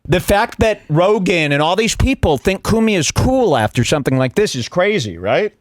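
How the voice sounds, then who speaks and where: A male podcast host on a fired-up rant, mocking and cursing as his voice leaps up and drops low. His pitch sits a little high for a man, and the sound is dry and close to the mic. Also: normal speed, no room sound. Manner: animated, mocking, swears freely, swings between loud and muttered. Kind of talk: heated podcast commentary.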